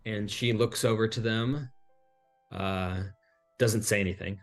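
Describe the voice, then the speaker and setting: A man with a fairly low voice narrates as game master in a tabletop game. He describes the scene in a loose, filler-laden way, with faint music underneath. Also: fairly even intonation, measured pace.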